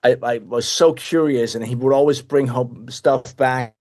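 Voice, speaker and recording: A man in his fifties from Denmark with a Danish accent, telling stories as a podcast guest in a lively way, often restarting and repeating words. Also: medium pitch, measured pace. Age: 50s. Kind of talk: casual anecdotal storytelling.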